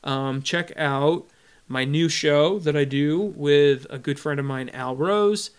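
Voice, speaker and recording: A man's voice: a little high, slow, smooth. A man co-hosting a podcast, casually wrapping up the episode with jokes and thank-yous. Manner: relaxed, joking, lots of ums and uhs. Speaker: podcast co-host. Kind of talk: casual podcast sign-off chat.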